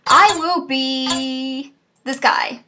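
High-voiced, excitable woman gamer. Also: very slow, over music. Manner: excitable, profane, laughs and shouts at the game. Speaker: gaming channel host. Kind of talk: let's play commentary.

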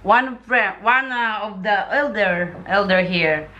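A Filipina woman with a Filipino accent chatting casually in a vlog, telling stories in an animated way. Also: mid-range voice, takes it slowly, highs cut off, a little hiss or hum. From Philippines. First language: Tagalog. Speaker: vlogger. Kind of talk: casual chat.

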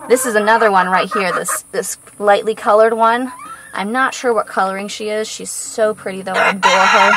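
A woman's voice: medium pitch, creaky, rough recording. Breathless woman cooing at farm animals. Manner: chatty, coos baby talk at the animals. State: out of breath from walking in the heat. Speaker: homesteader showing her farm animals. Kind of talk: casual farm tour vlog. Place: outdoors on a farm pasture.

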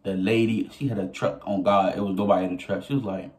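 A young man telling a story casually to his viewers, animated and profane, often laughing as he goes. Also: lowish voice, fast talker. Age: young adult. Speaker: vlogger.

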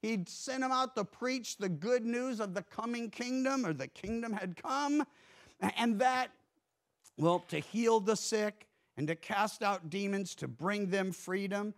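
A man pastor preaching a sermon in a church, earnest, swinging between emphatic rises and hushed drops. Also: high-pitched, measured pace.

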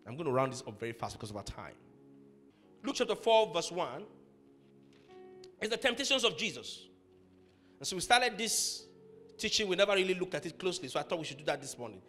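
A man preaching a sermon as pastor of a church, acting out people's quarrels in lively voices. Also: fairly high pitch, brisk, pauses often, faint music behind. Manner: animated preacher acting out quarrels, laughing at his own stories.

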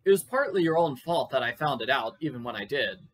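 A man reading the part of a brisk Victorian gentleman in a storybook reading. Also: mid-range voice, lively intonation, natural voice.

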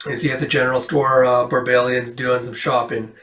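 A man's voice: mid-range voice, little pitch movement, fairly quick, a bit bright. A man casually reading through a comic book, rambling with many fillers. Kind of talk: casual comic read-along. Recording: roomy, distant mic.

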